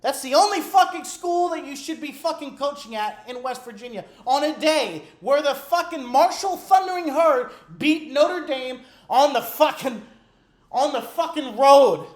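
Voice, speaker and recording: A woman's voice: sits high, expressive, unhurried. A woman sports fan at home, delivering a furious, profanity-laden rant that keeps repeating itself. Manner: furious, profane, repetitive ranting. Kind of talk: angry rant to camera. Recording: echoey room.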